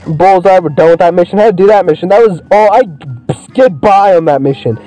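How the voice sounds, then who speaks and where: A young man giving profane, excitable commentary while playing a video game. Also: high voice, moderate pace, soft background music, poor audio. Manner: profane, excitable, swears constantly. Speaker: gameplay streamer. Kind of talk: let's play commentary.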